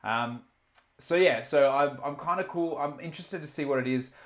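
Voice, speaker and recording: A man hosting a casual live stream, talking in quick bursts, swearing and restarting his sentences. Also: on the high side, echoey room. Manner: animated, swearing, self-interrupting. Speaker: stream host reading chat. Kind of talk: casual chat.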